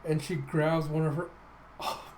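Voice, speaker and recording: A man hosting a casual comic readthrough, retelling the action in an animated way and swearing now and then. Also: fairly high pitch, measured pace, slight background noise, rough recording. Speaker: host.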